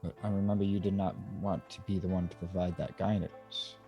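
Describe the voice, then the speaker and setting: A man voicing an earnest, dutiful adventurer, speaking politely and deliberately. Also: sits low, little pitch movement, mellow, soft background music. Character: earnest, dutiful adventurer taking responsibility for an animal.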